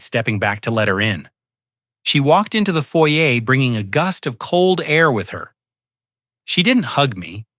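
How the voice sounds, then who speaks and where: An older man tells a first-person story in a measured, solemn way. His voice is bright and forceful, at an ordinary pitch for a man. The recording is dry and close, with no room sound. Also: no room sound. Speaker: narrator. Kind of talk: scripted first-person narration.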